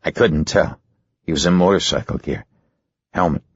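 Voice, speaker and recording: A man voicing a shaken, halting ex-Marine husband in an audiobook. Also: very deep voice, vocal fry, breathy edge, no room sound, muffled recording, exaggerated voice. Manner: halting, rattled.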